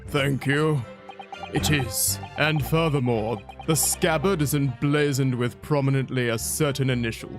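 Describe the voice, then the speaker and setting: Guy playing a smug prosecutor, talks real slow n deliberate, game music behind. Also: medium pitch, steady tone, natural voice. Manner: slow, measured, taunting. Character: haughty male prosecutor, cold and smug.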